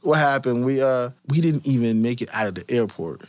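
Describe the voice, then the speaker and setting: A man's voice: mid-range voice, a little fast, a little hiss or hum. Man telling road stories, laughing often. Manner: animated, laughs through his stories. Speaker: guest musician. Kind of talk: casual podcast storytelling.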